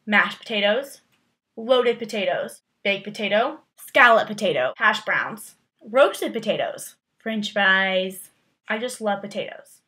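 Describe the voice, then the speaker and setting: A woman's voice: medium pitch, animated, slow pace, bright, forceful tone. A young woman vlogging casually, rambling through tag questions with lots of fillers and playful, exaggerated emphasis.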